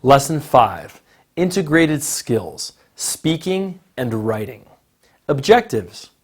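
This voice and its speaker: A man teaching an English lesson in a recorded narration, modeling intonation patterns in a slow, deliberate way. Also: medium pitch, sing-song, slightly rough.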